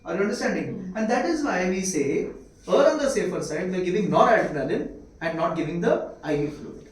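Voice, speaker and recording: A brisk, high-pitched male voice with lively intonation and an Indian accent leads a medical lecture full of rhetorical questions for his students. The sound is echoey, with faint hiss and the mic placed far away.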